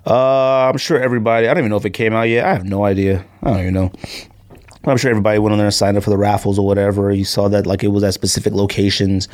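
A man's voice: fairly low pitch, flat delivery, very fast, darkish tone. A man hosting a sneaker podcast, talking casually in a rambling, joking, storytelling way. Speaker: podcast host.

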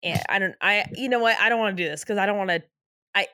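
A woman's voice: medium pitch, quick pace, bright, forceful tone, no echo, studio quality. A woman co-hosting a podcast, retelling episodes in a casual, laughing way. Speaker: podcast co-host. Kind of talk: casual recap chat.

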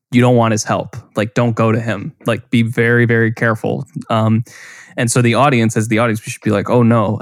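Guy hosting a movie chat, dry close sound, lively and chatty. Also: mid-range voice, dry recording. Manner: animated, quotes film lines in put-on voices. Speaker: podcast host. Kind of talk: casual film discussion.

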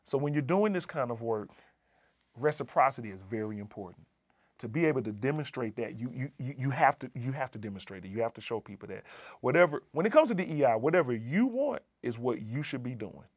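A man's voice: medium pitch, lively intonation, brisk, breathy edge, no room sound. Earnest man telling a personal story. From Southern United States. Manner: earnest, emphatic, repeats key phrases. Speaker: assistant dean of community and inclusion.

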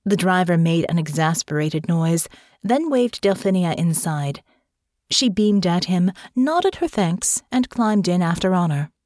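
A woman narrating an audiobook with expressive, scripted storytelling on a close studio mic. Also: fairly low pitch, measured pace, no echo.

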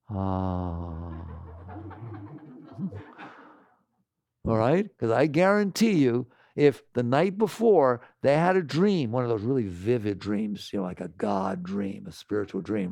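A man giving a spiritual talk to an audience, animated and laughing often as he acts out imagined voices. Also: medium pitch, creaky, dry recording, studio quality. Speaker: spiritual teacher.

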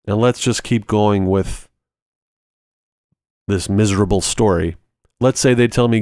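Low-voiced man teaching in a lively way. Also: a little slow, long pauses, clean tone, no room sound, studio quality. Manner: talks through everyday examples step by step; lively, repeating short phrases for emphasis. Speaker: ministry podcast host. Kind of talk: conversational teaching.

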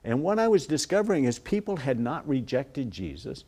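A man in a TV interview, earnestly telling a story and acting out quoted voices softly. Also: medium pitch, sing-song, normal speed, slightly rough. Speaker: guest, ministry worker.

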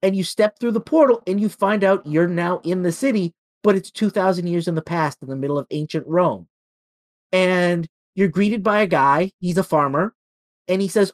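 A man's voice: sits high, normal speed. Podcast co-host, a guy who tells stories animatedly and does little voices for the quotes. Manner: animated storytelling with acted-out quotes. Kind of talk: casual chat.

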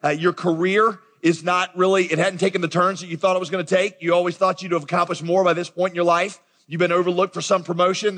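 A man with a high, slightly bright voice preaches as pastor in a large church auditorium, speaking conversationally and addressing the congregation directly. The recording carries the long reverb of a large hall.

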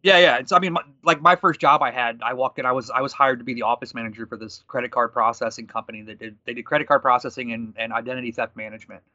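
A man in his thirties telling a story from his working life in a quick, animated conversational way, quoting people as he goes. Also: mid-range voice, no echo, highs cut off. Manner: fast, animated storytelling with quoted dialogue. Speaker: guest.

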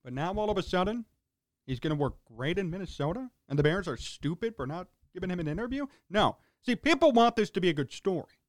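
A man's voice: high voice, animated, fast talker, no room sound. A man hosting a sports talk radio show, ranting in a sarcastic, exasperated way in short punchy fragments.

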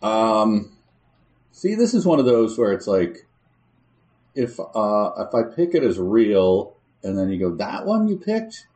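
A man's voice: on the low side, sing-song, slow pace, a little mellow, roomy sound. A man co-hosting a podcast, chatting casually with wry, mock-exasperated exclamations. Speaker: podcast co-host guessing real or fanfic.

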